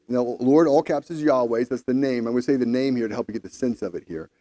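A man's voice: mid-range voice, fast, hardly any pauses, dark tone. A man leading a Bible study, explaining the text conversationally before reading scripture aloud.

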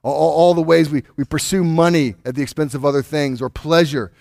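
Male pastor, slightly high voice, dry close recording, chatty sermon delivery with restarts. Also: fairly even intonation, brisk, creaky, few pauses, a little mellow, no room sound. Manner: conversational teaching with many restarts, rising intensity.

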